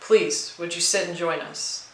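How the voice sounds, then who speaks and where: A woman doing a warm, insistent widowed mother. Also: fairly low pitch, measured pace, echoey room, low-quality recording. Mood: coaxing. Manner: gentle but pressing, welcoming.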